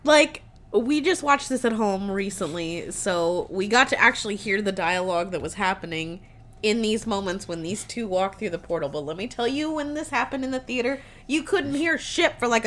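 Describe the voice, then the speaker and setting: Blunt woman with a slightly high voice. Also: lively intonation, a bit bright. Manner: blunt, profane, quick interjections. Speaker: podcast co-host. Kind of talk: casual movie review chat.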